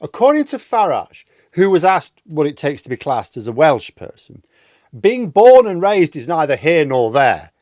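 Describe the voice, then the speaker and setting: A man's voice: a little high, sing-song, normal speed, a little mellow, no room sound, clean studio sound. A man hosting a political commentary monologue, speaking in a sarcastic, mocking way.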